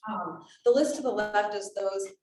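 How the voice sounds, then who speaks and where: A woman with a mid-range, darkish voice speaks at a normal pace while giving a workplace safety presentation. She keeps it conversational and puts questions to the room. The recording sounds echoey, with the mic at a distance and faint noise.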